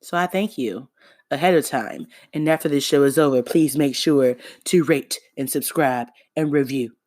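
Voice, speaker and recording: A woman's voice: a bass voice, moderate pace, a little mellow, no room sound, clean studio sound. A woman hosting her own podcast, talking alone in a playful, sarcastic, chatty way. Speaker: podcast host. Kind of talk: casual solo podcast monologue.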